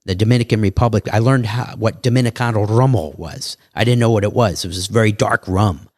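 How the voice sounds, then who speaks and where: A man's voice: lowish voice, fast, dry recording, clean studio sound. Man telling stories in a casual interview. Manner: animated, acts out other people's lines. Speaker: podcast guest.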